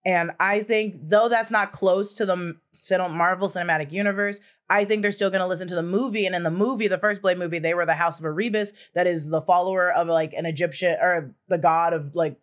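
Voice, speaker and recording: A woman's voice: fairly low pitch, steady tone, a little fast, few pauses. Rambling, laughing woman sharing a theory. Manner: rambling, laughs often, swears casually. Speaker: panel guest presenting a theory. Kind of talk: casual chat.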